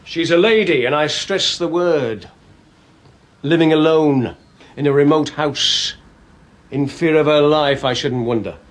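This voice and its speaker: Actor as a stern, pompous police sergeant with a slightly high voice and dry sarcasm. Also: male voice, a little slow, natural voice. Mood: lecturing.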